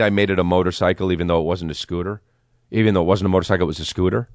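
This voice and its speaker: A man hosting a comedy podcast, telling a rambling story in an excitable, profane way with lots of restarts. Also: low voice, racing, no room sound. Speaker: podcast host.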